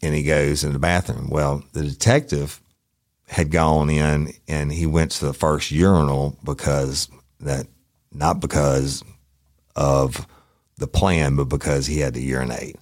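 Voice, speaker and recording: Podcast host, middle-aged man, rumbling deep voice, folksy and foul-mouthed, dead-dry studio sound. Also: steady tone, measured pace, a little mellow, no room sound. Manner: profane, rambling, folksy. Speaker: podcast host, former detective. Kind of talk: casual storytelling.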